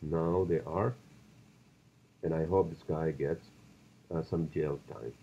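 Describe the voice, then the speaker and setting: A low, gravelly male voice with a dark, mellow tone, running a solo podcast in a loose, profane, ranting way. The recording is dull and lo-fi, with a faint hiss behind him. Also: fairly even intonation, slow. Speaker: podcast host.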